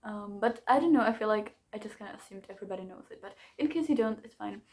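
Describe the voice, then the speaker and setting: A woman chatting casually about books she read, animated and full of fillers and little laughs. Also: mid-range voice, fast talker. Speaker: book vlogger. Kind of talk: casual book review chat.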